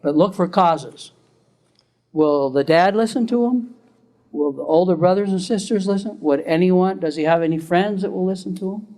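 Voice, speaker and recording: A man's voice: high-pitched, moderate pace, darkish tone. Older man lecturing with frequent chuckles. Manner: chuckles often, conversational. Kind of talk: recorded classroom lecture.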